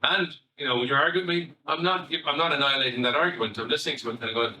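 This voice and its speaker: A middle-aged Irish man, a family psychotherapist, giving an animated, conversational public talk and swearing casually. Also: mid-range voice, very fast, reverberant, recorded from a distance, slight background noise, low-quality recording. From Ireland.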